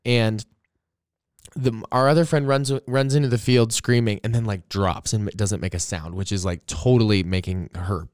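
Smooth-voiced young man telling a rambling story. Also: lowish voice, normal speed, no room sound, clean studio sound. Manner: rambling, animated storyteller with many "like"s and profanity. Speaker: podcast host. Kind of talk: casual storytelling chat.

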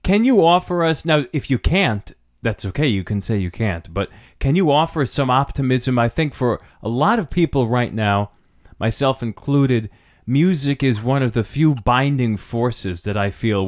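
A man interviewing a guest, asking long, earnest, winding questions. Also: medium pitch.

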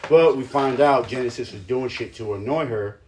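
A young man, a stepdad, telling stories in casual chat, animated and swearing, often laughing. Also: mid-range voice, normal speed, a little hiss or hum.

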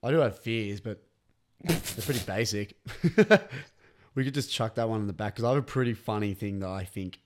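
A man's voice: fairly low pitch, moderate pace. A young Australian man co-hosting a podcast, laid-back and crude in casual banter, laughing often. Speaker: podcast co-host.

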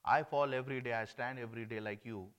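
A man from India, preaching an earnest sermon that swings between emphatic and hushed. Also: mid-range voice, steady tone, fast talker, smooth.

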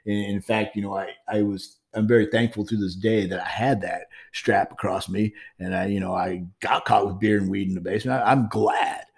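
Rambling low-voiced man podcasting from home. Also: steady tone, normal speed, hardly any pauses. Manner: rambling, frank, with many fillers and restarts. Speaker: podcast host. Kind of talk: casual monologue.

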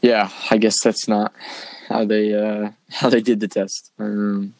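A man's voice: on the low side, level tone, a little slow, gravelly, a little mellow, no room sound. A young man telling a long personal story in casual chat, rambling, with many fillers like "like" and "dude". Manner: rambling, filler-heavy, says "like" and "dude" often.

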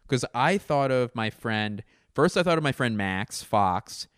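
A man's voice: medium pitch, animated, a little slow, clean tone, dry recording, clean studio sound. A man in his forties, a comedian hosting a podcast, telling a rambling, profane, self-deprecating story. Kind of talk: casual storytelling monologue.

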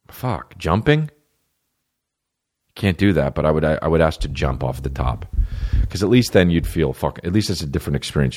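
A man with an extremely deep, slightly mellow voice hosts a podcast. He rambles through a casual, comedic monologue packed with swearing, riffing on questions from listeners.

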